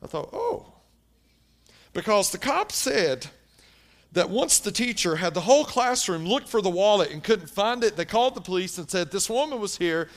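Animated male preacher telling a story. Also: high voice, normal speed. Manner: animated storyteller, shifting from hushed to loud. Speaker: pastor. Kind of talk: sermon storytelling.

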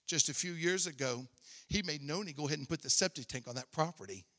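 Male preacher, slightly high voice, conversational storytelling sermon, long church-hall reverb. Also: fast talker, sharp tone. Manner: conversational, repeats words when starting a thought.

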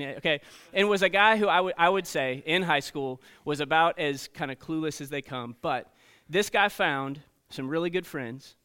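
A man preaching to teenagers as a youth pastor, telling stories in an animated way and checking in often with "okay?" and "right?". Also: a little high, clean tone. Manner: storytelling, animated, frequent "okay?" and "right?" asides. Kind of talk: sermon to teenagers.

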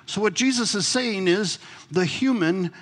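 In a church sanctuary, a pastor preaches a sermon conversationally, putting questions to his congregation. His fairly bright voice sits high and unhurried, echoing in the large hall.

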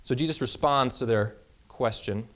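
A man preaching a sermon in a conversational way, explaining with everyday examples and quick asides. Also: mid-range voice, a bit bright, muffled recording. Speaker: pastor.

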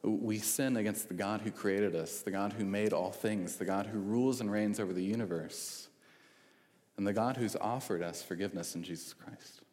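Male preacher, low register, casual sermon delivery, long hall reverb. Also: moderate pace, a little mellow. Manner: conversational with frequent fillers and restarts.

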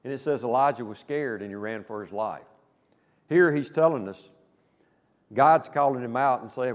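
A man's voice: mid-range voice, normal speed. Man preaching in a reverberant hall. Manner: conversational preaching with rhetorical questions and frequent "okay?". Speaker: pastor. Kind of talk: sermon.

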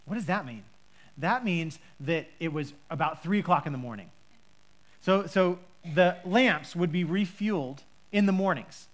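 A woman preacher teaching a Bible passage in a lively, chatty way, with frequent restarts and rhetorical questions. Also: on the low side, moderate pace.

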